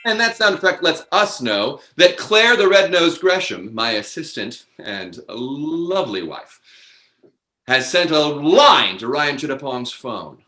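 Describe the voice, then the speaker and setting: A man's voice: on the high side, very animated, a little slow, sharp tone, echoey room. A man hosting a live online improv comedy show, announcing the cast and rules with upbeat, theatrical patter over a video call.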